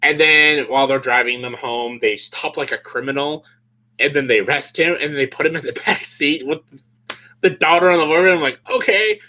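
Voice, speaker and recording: A man's voice: a little high, moderate pace, sharp tone. A man vlogging a casual comedic movie rant, sarcastic, filling his speech with "like" and laughing often.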